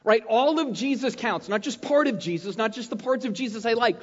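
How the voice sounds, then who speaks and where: A man preaching a sermon as pastor, talking in an animated, conversational way and checking in with his listeners often. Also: very high-pitched, a little fast. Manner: conversational, animated preaching with frequent "right?" tags. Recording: muffled, long hall reverb.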